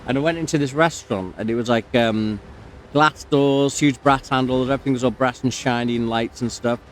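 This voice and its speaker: A man's voice: mid-range voice, a little fast, slight background noise. Rambling man chatting over gameplay. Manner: rambling, many fillers, breaks off to comment on the game. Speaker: gamer telling a story while playing. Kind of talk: casual storytelling over gameplay.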